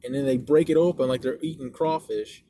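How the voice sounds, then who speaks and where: A young man chatting as podcast co-host inside a moving car, telling animated, profane stories. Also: mid-range voice, fairly quick. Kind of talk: casual chat. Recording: loud car road noise.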